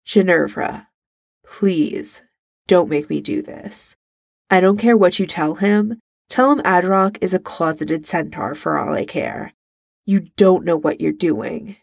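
A woman's voice: lowish voice, slow pace, vocal fry, breathy edge, no room sound, clean studio sound, heavily acted. A woman voicing a haughty young man who drawls and sneers, in a fan fiction reading. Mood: pleading. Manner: drawling, clipped and scornful. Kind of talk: fan fiction read aloud.

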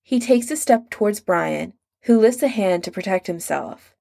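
A woman narrating a story in a measured storytelling manner. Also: medium pitch, animated, creaky, warm tone. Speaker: audiobook narrator. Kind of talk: scripted narration.

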